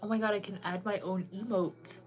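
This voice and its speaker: A woman's voice: mid-range voice, fairly even intonation, a little fast, soft background music. A woman chatting casually with viewers on a live stream, bubbly and full of "like" fillers.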